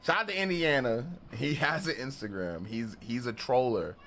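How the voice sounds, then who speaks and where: Speaking at a moderate pace in a mid-range voice, this man laughs his way through an animated, profane story on his casual vlog, voicing other people's quotes. He's a beatmaker and studio vlogger, and slight background noise is present.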